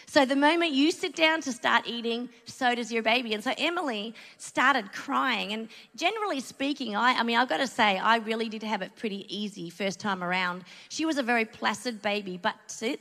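A woman's voice: on the high side, bright, forceful tone. Earnest Australian woman preaching in a hall. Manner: chatty, earnest storytelling with asides. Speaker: church speaker. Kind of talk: sermon with personal story. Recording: long hall reverb.

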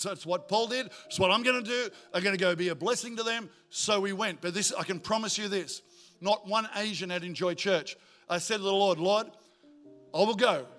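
A male pastor, preaching a sermon in a church in a joking, energetic way. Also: high voice. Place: church auditorium.

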